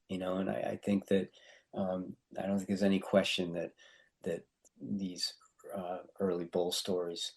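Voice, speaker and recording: A man co-hosting a podcast, talking over a short story in a relaxed chat and laughing often as he goes. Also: deep voice. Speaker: podcast co-host. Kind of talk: casual literary discussion.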